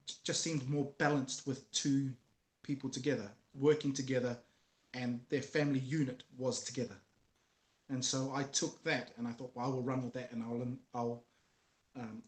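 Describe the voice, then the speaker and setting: A man in an echoey room, talking in an earnest, storytelling way about raising his kids. His voice sits at an ordinary middle pitch. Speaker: guest. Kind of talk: casual conversation about fatherhood.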